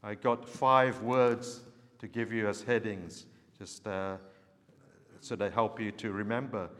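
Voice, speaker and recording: Man, preacher, sermon, earnest storytelling, mid-range pitch, long reverb. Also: a bit bright.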